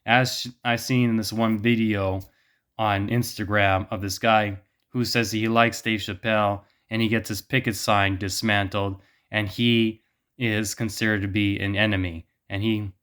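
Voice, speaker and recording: A man's voice: on the low side, level tone, unhurried, a bit bright, clear, resonant tone. A man giving a blunt opinion monologue as a vlogger, ranting with frequent swearing.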